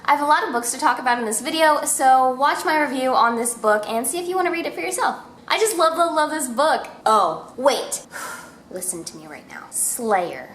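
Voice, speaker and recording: A young woman chatting about her month's reading in a bubbly, animated voice that swings high and low. Her voice sits a little high, and she pokes fun at herself as she goes. It was recorded in an echoey room at home. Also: slight background noise. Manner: bubbly, chatty, self-mocking asides. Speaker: book vlogger. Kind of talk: casual book review chat.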